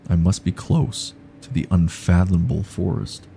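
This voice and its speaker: Male gaming streamer, deep dark voice, reads text aloud with dry humor. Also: normal speed, vocal fry, slight background noise. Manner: dry, joking asides to chat. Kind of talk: live gameplay commentary, reading game text aloud.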